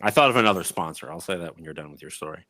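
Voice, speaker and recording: A man's voice: sits low, animated, racing, pushed and bright, no room sound. A man co-hosting a casual podcast chat, dropping dry jokes and asides. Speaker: podcast co-host.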